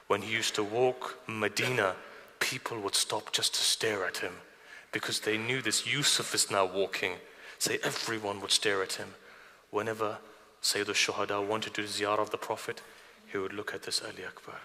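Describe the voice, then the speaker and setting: In a reverberant hall at a mourning gathering, a man delivers a narrative sermon, telling the story with emotion and posing rhetorical questions. His voice is on the low side, creaky, pushed and bright.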